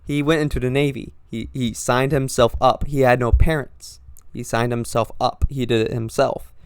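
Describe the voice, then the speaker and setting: A young man with an accent mixing Northern and Southern US speech, hosting a podcast in a halting, rambling monologue full of restarts. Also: medium pitch, fairly even intonation, smooth, no room sound, studio quality. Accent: mix of Northern and Southern US. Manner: halting, with frequent restarts and trailing pauses. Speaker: podcast host.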